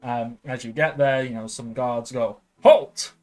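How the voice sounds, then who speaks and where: A man narrating a tabletop game as game master, relaxed and full of fillers. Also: medium pitch, normal speed, soft background music.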